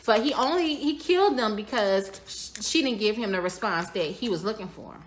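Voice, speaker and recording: A woman's voice: medium pitch, animated, moderate pace, slight background noise. A woman giving a tarot reading for her viewers, speaking casually, speculating aloud and repeating her phrases. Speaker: tarot reader.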